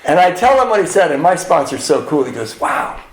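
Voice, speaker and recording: A man sharing his twelve-step recovery story at a retreat, acting out dialogue and swinging between hushed and loud. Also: on the high side, big pitch swings, quick pace. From California. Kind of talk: twelve-step share to a live audience. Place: retreat hall with audience. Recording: roomy hall with faint ambience.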